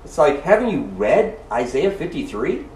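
A man's voice: on the high side, very animated, normal speed, darkish tone. A man preaching a sermon, reading scripture aloud and adding emphatic, chuckling asides. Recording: roomy echo from a distance.

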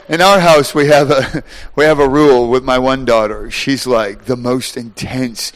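A middle-aged man preaching a sermon, animated, shouting at times, acting out voices and laughing. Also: mid-range voice, a little slow, hardly any pauses.

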